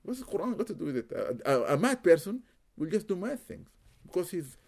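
A man's voice: high-pitched, big pitch swings, a little fast, vocal fry, a little mellow. A man, a Muslim spiritual healer, telling a story in an interview, with Arabic religious phrases and repeated words for emphasis.

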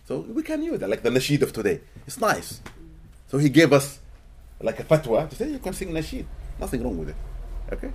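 A man from Sudan, giving an animated, expressive religious lecture to a live audience in a hall and often laughing. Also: a little high, a little fast, husky. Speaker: Islamic teacher.

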